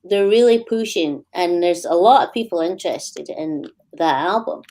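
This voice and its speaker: A woman's voice: lowish voice, moderate pace, darkish tone. A Scottish woman from Scotland, a musician guest chatting casually in a radio interview and laughing easily.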